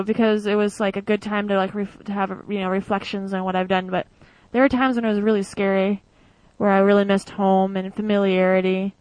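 A young American woman, a former exchange student, casually tells stories in an interview, chatty with many fillers and acting out quoted voices. Her voice is medium-pitched, and the low-quality recording has no room sound.

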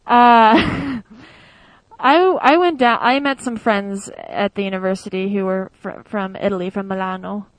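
A young woman from the United States tells about her time abroad in an easygoing interview. Her talk is chatty and loose, full of fillers, and she acts out the voices she quotes. Her voice sits at a middle pitch, recorded close and dry with no room sound. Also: fairly even intonation, a little slow, dry recording, low-quality recording. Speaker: former exchange student. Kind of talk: casual interview storytelling.

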